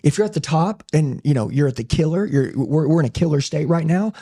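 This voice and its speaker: A man's voice: fairly high pitch, animated, brisk, warm tone. A man talking intensely and emphatically in a casual podcast conversation, sharing his story as a business owner. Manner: intense, emphatic, says "dude" a lot.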